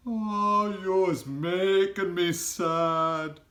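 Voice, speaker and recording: A man voicing a big, soft-hearted old giant who talks in mangled grammar and stretches his words out high and wobbly. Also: big pitch swings, slow pace, full character voice. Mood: tender.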